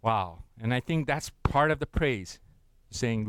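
A man preaching a sermon, leading the congregation in reading scripture aloud and swinging between loud urgency and soft hushed asides. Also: medium pitch, animated, measured pace, clear, resonant tone. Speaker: pastor.

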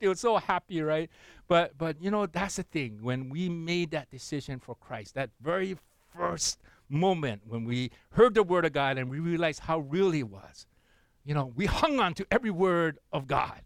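A male pastor preaching in a conversational way, pausing for listeners to finish verses aloud and asking lots of rhetorical questions. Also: a little high, lively intonation, no room sound. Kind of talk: sermon.

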